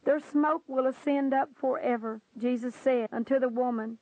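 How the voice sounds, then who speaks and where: A woman solemnly reading a first-person testimony aloud, slow and earnest, pleading at times. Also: high-pitched, steady tone, darkish tone, no echo. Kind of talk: solemn scripted narration. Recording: tinny phone-like sound.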